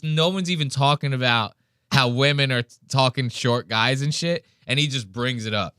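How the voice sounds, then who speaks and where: A man's voice: mid-range voice, moderate pace, clear, resonant tone, dry recording, studio quality. A man hosting a podcast in casual chat, swearing often and mimicking people as he tells stories. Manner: profane, animated, mimics people mid-story. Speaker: podcast host.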